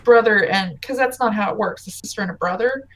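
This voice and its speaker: A woman narrating as game master in a tabletop game, chatty and quick to laugh. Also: mid-range voice, rough recording.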